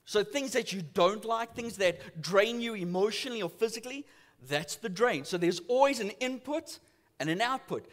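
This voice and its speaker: With a high-sitting voice and moderate pace, a South African pastor delivers a church sermon. His storytelling is lively, full of acted-out character voices.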